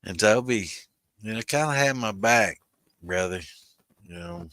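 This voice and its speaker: A deep-voiced man in his sixties rambles through a casual livestream, swearing freely and calling out his viewers by name. His tone is bright and forceful, and the sound is dry and close, with no room around it. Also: big pitch swings, unhurried, creaky, no room sound. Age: 60s. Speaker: host of a moonshine livestream.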